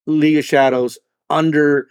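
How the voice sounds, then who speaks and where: A man's voice: on the high side, level tone, moderate pace, smooth, dry recording. A man talking in a loose casual chat as a podcast co-host, rambling, repeating words and swearing.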